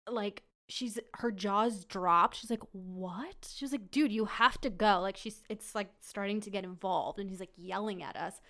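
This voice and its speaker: A young woman casually telling a story on a podcast, laughing and acting out quotes loudly. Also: medium pitch, normal speed, few pauses. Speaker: podcast guest and producer.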